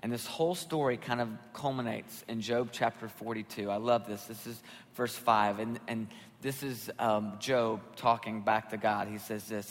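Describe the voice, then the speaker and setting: Male pastor, middle-aged, casual animated sermon, big echoing church hall. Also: on the low side, moderate pace. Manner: conversational, animated, acts out voices in quotes. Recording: long hall reverb.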